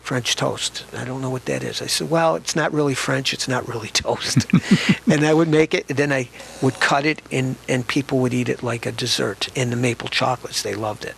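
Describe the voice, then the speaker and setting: An older man with a gravelly edge speaks as an interview guest, recalling his past at an ordinary pitch. He talks in a reflective, conversational way and often restarts his sentences. Faint ambient noise sits behind him. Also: steady tone, normal speed, a bit bright. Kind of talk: reminiscing storytelling in an interview.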